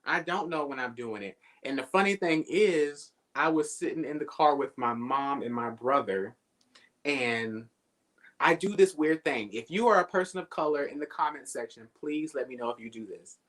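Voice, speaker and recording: A man's voice: mid-range voice, animated, moderate pace, a bit bright. A man talking as a guest on a casual live stream over a video call, reflective and conversational, swearing casually.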